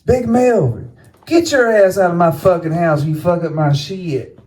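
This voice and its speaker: A man playing a fierce protective mother, high pitched, commanding, loud. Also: lively intonation, unhurried. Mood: bossy. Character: bossy, protective mother scolding her husband.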